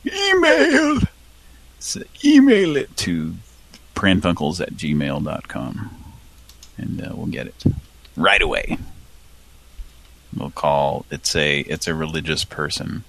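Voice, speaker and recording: Deep gravelly man chatting on a stream. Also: steady tone, takes it slowly, long pauses, pushed and bright. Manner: rambling, with many fillers and restarts. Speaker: co-host of a live prank-call stream. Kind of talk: casual live-stream chat.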